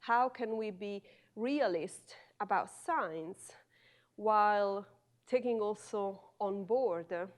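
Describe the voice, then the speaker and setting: A woman in her forties with an Italian accent gives an academic lecture, speaking slowly and deliberately with frequent filler sounds. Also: mid-range voice. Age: 40s. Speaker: guest lecturer, philosophy professor.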